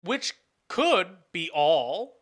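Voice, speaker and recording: A professor lectures in a lively, bright voice whose pitch rises and falls widely. They think aloud, pose questions to the class and answer them, and stop to restate phrases mid-sentence. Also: very slow. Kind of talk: recorded lecture at a whiteboard.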